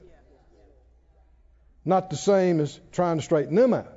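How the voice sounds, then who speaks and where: A man preaches with a strikingly high, lively voice, switching into mock worried voices. His sermon rings through a church with a long reverb. The recording sounds dull and lo-fi. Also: normal speed, long pauses. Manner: animated, mimics worried voices and laughs. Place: church sanctuary.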